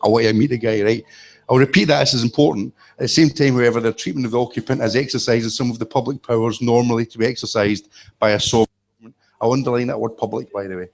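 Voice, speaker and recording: A man's voice: medium pitch, steady tone, racing, creaky. Blunt man lecturing. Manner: blunt, emphatic, profane asides. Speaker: speaker at a live event. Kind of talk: live lecture-style talk. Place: event room with an audience.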